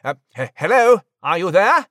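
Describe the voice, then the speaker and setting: A man's voice: high voice, big pitch swings, moderate pace, sharp tone, dry recording, studio quality, heavily acted. A man voicing a proper, well-mannered male mouse who talks in clipped upper-class phrases. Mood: jolly. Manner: clipped upper-class talk with "I say" and "old boy". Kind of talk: audio drama acting.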